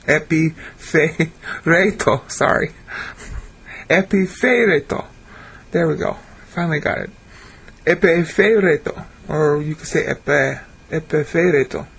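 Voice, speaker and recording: A man giving a screen-share Bible lesson, sounding out Hebrew and Greek words slowly and correcting himself as he goes. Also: on the high side, creaky, breathy edge. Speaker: Bible teacher.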